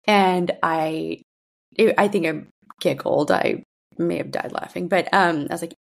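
A woman's voice: lowish voice, measured pace, gravelly. A woman in her thirties hosting a podcast, talking candidly about her family with frequent restarts and fillers. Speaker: podcast host. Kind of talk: personal monologue.

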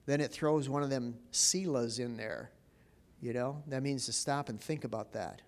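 At a moderate pace and medium pitch, a male pastor delivers a conversational sermon. He repeatedly asks his congregation questions and repeats words as he continues.

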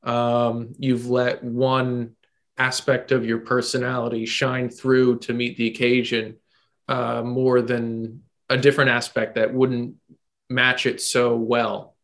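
A man co-hosting a podcast, working through an idea out loud with frequent ums and pauses. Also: medium pitch, monotone. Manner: thinking aloud, halting with many ums. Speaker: podcast co-host. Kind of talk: casual chat.

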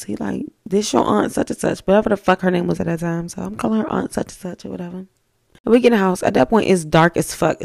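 A young woman hosting a podcast, telling stories in a blunt, profane, animated way. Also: medium pitch, gravelly, no room sound, clean studio sound. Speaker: podcast host. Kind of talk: casual storytelling.

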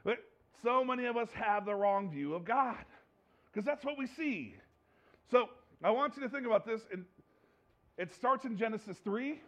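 A man preaching a conversational sermon, joking and animated, repeating phrases for emphasis. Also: extremely high pitch, normal speed. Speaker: pastor.

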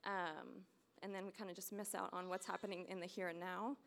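A woman's voice: on the low side, flat delivery, a little fast, a bit bright, slight background noise. A young American woman giving an earnest, rambling personal testimony in church, full of fillers. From United States. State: getting emotional. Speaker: church member sharing testimony.

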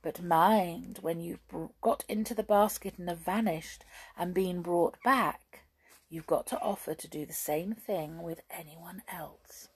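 A woman voicing a sly female witch in a storybook, chanting spells in a hushed sing-song. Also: on the low side, a little slow, slightly rough.

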